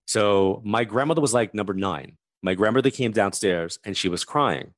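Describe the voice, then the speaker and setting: A man's voice: lowish voice, animated, moderate pace, dry recording, clean studio sound. A man in his fifties, a guest telling a story in conversation and acting out the voices of the people in it.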